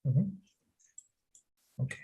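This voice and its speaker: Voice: drawn-out words, dark tone. An English tutor giving an online lesson with patient, guiding prompts.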